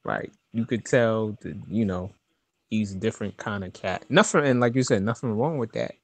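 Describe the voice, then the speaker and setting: A man's voice: lowish voice, normal speed. Agreeable man co-hosting sports talk. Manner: agreeable, backs up the other host with short replies. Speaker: podcast co-host.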